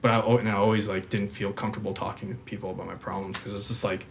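A young man talks openly and quickly, his speech halting and packed with fillers. His voice sits on the low side. A faint hiss runs under the recording. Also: level tone, creaky. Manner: halting, filler-heavy, lots of "like". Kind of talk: candid personal conversation.

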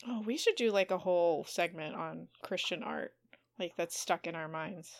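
A woman's voice: lowish voice, normal speed, vocal fry. A woman co-hosting a podcast in casual chat, who laughs often and fills her talk with "like". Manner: laughs often, chatty with many "like" fillers. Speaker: podcast co-host.

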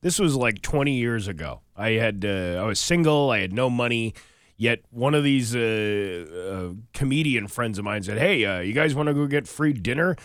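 A man's voice: mid-range voice, normal speed, dry recording, clean studio sound. A man co-hosting a morning radio show, joking around, laughing often and reading the news. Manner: jokey and animated, laughs often.

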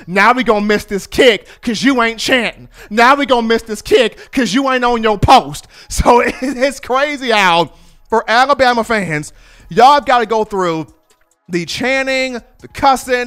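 High, smooth-voiced sports talker. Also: male voice. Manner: animated storyteller acting out fans. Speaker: football commentator. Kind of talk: sports talk commentary.

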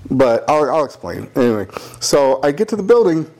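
A young man with a fairly high voice talks at a normal speed, co-hosting a podcast and spinning a long story in casual conversation. He swears a lot and stays animated, imitating the voices of the people he quotes.

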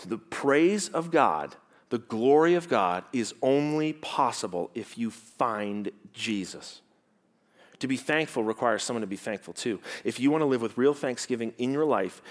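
A medium-pitched man preaches to his congregation as pastor, animated and teacherly in tone. He poses rhetorical questions and drops from loud emphasis into quiet stresses.

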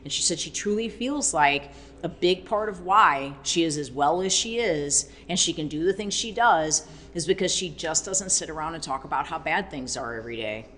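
A woman fitness trainer in a casual faith-based talk, animated and rambling, with many fillers and acted-out quotes. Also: low voice, normal speed, a little hiss or hum. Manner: animated, acts out quoted speech.

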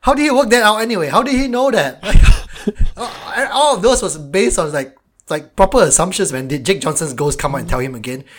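A man's voice: high-pitched, animated, fairly quick. A man co-hosting a film podcast, talking in an exasperated, incredulous way and mocking the plot with put-on voices. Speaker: podcast co-host. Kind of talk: casual movie chat.

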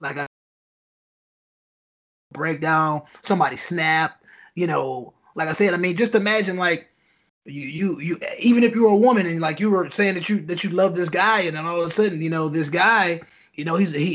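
A man's voice: high voice, a bit bright, highs cut off. A man hosting a casual podcast chat, loosely posing questions to his co-host with lots of fillers.

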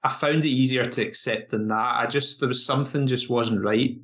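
A man's voice: mid-range voice, fairly even intonation, a little fast, fairly bright tone. A man co-hosting a podcast, chatting casually about films with many fillers and restarts. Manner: rambling, frequent fillers and restarts. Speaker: podcast co-host. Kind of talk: casual film review chat. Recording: dull lo-fi podcast audio.

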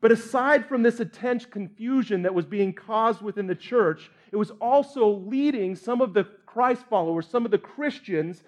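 A man's voice: high voice, normal speed, few pauses. A man pastor preaching a sermon in an earnest, candid way with light humor.

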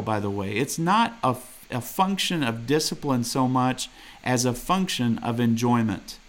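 A man delivers a sermon in an earnest, exhorting manner. He reads scripture aloud, comments on it, and presses listeners with direct rhetorical questions. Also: mid-range voice. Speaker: preacher.

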